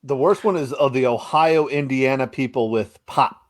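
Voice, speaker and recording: A man co-hosting a podcast in casual chat, relaxed and swearing, often trailing off mid-sentence. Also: medium pitch, moderate pace. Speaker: podcast co-host.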